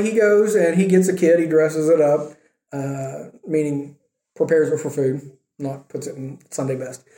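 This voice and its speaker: Wry, high-voiced man teaching Scripture. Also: warm tone, reverberant. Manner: wry, joking storytelling with quoted voices. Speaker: Bible teacher. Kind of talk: casual Bible teaching.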